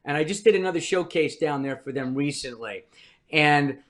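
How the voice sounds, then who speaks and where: A man's voice: a little high, moderate pace, a bit bright. An older man from New Jersey, a veteran comedian telling wry, rambling stories as a podcast guest. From New Jersey, US East Coast. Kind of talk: storytelling in a podcast interview.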